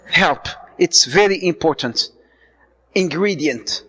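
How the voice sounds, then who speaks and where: Guy giving a lively marriage talk, acts out little scenes, big echoey hall. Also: a little high, slow pace. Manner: animated, acts out dialogue, mixes Arabic phrases, joking. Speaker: Islamic speaker. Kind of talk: lively marriage lecture to a live audience.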